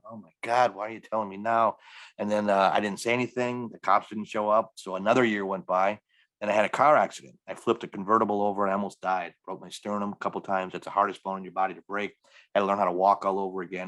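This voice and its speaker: A man's voice: on the low side, fairly bright tone. A middle-aged man, a stand-up comedian, telling a long story in a podcast interview and acting out the dialogue with energy. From Milwaukee area, US.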